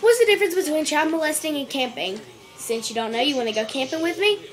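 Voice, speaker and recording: A woman reading out a string of jokes for a home video, stumbling over words, restarting and clearing her throat. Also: high-pitched, expressive, quick pace, soft background music. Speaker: joke-telling video maker.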